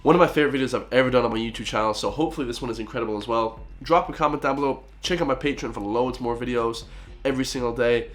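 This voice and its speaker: Irish male reaction host, mid-pitched, eager, chatty, keeps the accent a little toned down. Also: very fast, a bit bright. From Ireland. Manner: enthusiastic, keeps addressing viewers as guys. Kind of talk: casual reaction commentary.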